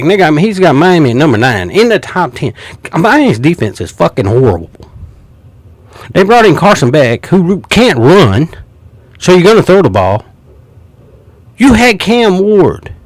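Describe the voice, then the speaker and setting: A man's voice: on the high side, no room sound. Heated man ranting. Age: 50s. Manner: profane, heated and mocking. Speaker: sports commentator. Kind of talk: ranting sports commentary.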